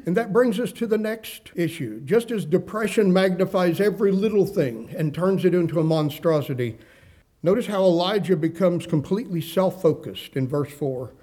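Middle-aged preacher guy, slightly high warm voice, reads scripture and acts out the quotes. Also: animated, moderate pace. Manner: preaching with scripture readings, rising emphasis and dramatic quoted voices. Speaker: pastor. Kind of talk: sermon.

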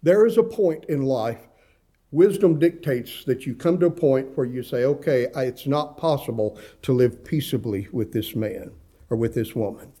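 A man's voice: mid-range voice, normal speed, dark tone. A middle-aged man preaching a sermon in a folksy, conversational way, with humorous asides. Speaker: pastor.

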